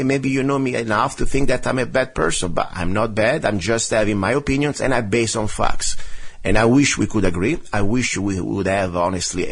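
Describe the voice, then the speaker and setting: Husky, animated radio host with an accent. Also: male voice, medium pitch. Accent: foreign accent. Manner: impassioned, argumentative, rebutting a listener letter. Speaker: radio talk show host. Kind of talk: talk radio monologue.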